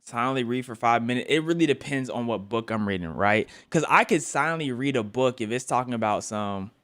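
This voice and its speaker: A man's voice: mid-range voice, expressive, brisk, a bit bright. A man live-streaming his reaction to a video in casual, playful chat, often repeating words for laughs.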